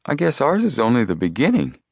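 A man's voice: mid-range voice, huge pitch swings, a little fast, gravelly, a little mellow, slightly rough, dry recording, clean studio sound, pitched above the performer's own voice, full character voice. A man voicing a sleepy teenage boy in a storybook reading, grumbling at being woken. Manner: drowsy, grumbling.

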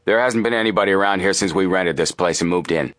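A man reading a storybook voices a gruff, hostile red-haired man who speaks curtly. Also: deep voice, fast talker, a bit bright, no room sound, studio quality. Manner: gruff, curt.

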